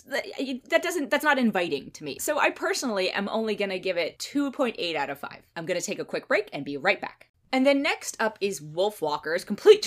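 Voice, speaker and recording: A woman giving a casual, candid spoken film review, opinionated and animated, voicing little mock quotes. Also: on the low side.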